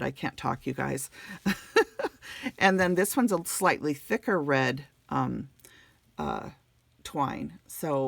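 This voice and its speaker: Casting: middle-aged woman, low gravelly voice, gushing casual unboxing host. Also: no room sound. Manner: gushing, warm thank-yous, many fillers. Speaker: crafting channel host.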